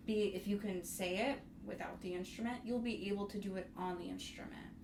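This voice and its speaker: A female bassoon instructor with a steady, mid-range voice speaks a little fast, encouraging young students in a music tutorial. She demonstrates by singing rhythms on syllables. The mic sits at a distance in a roomy space, with faint noise.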